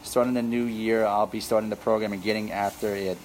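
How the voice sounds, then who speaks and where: A man's voice: fairly low pitch, a little fast, slight background noise, rough recording. Emphatic man coaching viewers live. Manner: energetic, emphatic, repeats key phrases. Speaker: real estate wholesaling coach.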